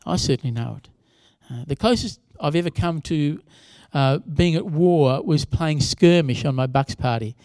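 A man's voice: a little high, expressive, moderate pace, few pauses, darkish tone, no room sound. A younger man preaching a sermon in a conversational way, with asides to the congregation. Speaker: pastor.

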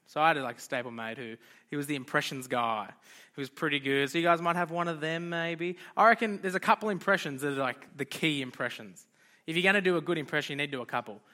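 Young guy, youth leader, chatty and jokey, high voice, bright tone. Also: fast. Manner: chatty, joking, loose and informal. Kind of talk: casual youth group talk.

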